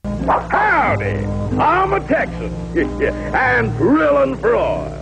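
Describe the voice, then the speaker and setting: A man playing a hearty Texan oilman cowboy in a vintage ad, with folksy, drawn-out salesman patter. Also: extremely high pitch, wildly swooping pitch, gravelly, heavily acted, low-quality recording. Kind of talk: vintage ad acting. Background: loud music.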